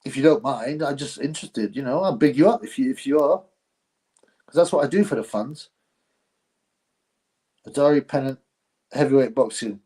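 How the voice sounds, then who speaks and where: A man's voice: medium pitch, lively intonation, normal speed, pauses often, dark tone. A man hosting a live boxing stream, chatting casually to viewers in a blunt, rambling, slangy way. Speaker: host of a live boxing show.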